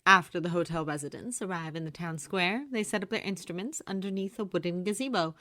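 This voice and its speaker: A woman reading fanfiction aloud in an animated storytelling manner, close to the microphone. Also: on the low side, a little fast, dry recording. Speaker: audiobook reader. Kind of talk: fanfiction narration.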